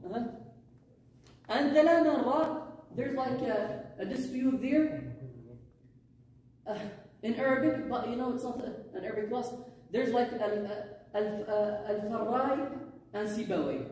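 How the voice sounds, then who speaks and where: A woman's voice: a little high, measured pace, pauses often, dark tone, far from the mic, slight background noise. A woman teaching a Quran recitation class, explaining the rules and drilling phrases aloud, often checking with her students. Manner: explains patiently, drills Arabic phrases aloud, asks "huh?" to check understanding. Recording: very echoey room, voice picked up from afar.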